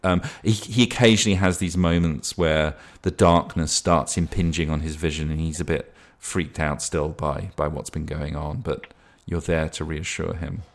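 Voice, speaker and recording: A man acting as game master, narrating a tabletop horror game. His voice is very low, and he rambles, restarting and correcting himself as he sets scenes. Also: steady tone, normal speed, hardly any pauses.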